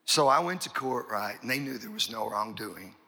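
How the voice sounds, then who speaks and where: A man's voice: on the low side, moderate pace, bright, forceful tone. A middle-aged man, a pastor, telling a long folksy story in a sermon, rambling and repeating his words.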